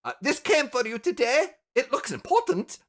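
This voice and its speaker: Young office assistant, eager and polite, pitched well up, played by a man. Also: sing-song. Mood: dutiful. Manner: high, quick, deferential.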